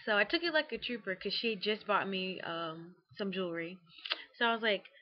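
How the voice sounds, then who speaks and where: A woman's voice: mid-range voice, a little fast. Chatty young woman, lo-fi webcam sound. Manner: chatty, with many fillers and acted quotes. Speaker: beauty vlogger. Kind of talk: casual how-to tutorial. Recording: dull lo-fi webcam audio.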